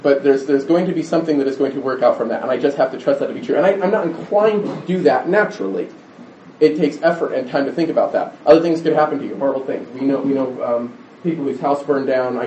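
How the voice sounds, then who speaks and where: A middle-aged man gives a chatty, rambling sermon in a mellow voice, often restarting and acting out little quotes. He sounds distant from the mic, caught in a roomy hall on a dull, lo-fi recording. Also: medium pitch, slight background noise. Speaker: preacher.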